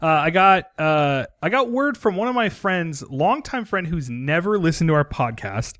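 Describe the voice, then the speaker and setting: Lively high-voiced man hosting a podcast. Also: moderate pace, no echo, studio quality. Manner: animated, joking, gives shout-outs. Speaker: podcast host. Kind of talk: casual podcast chat.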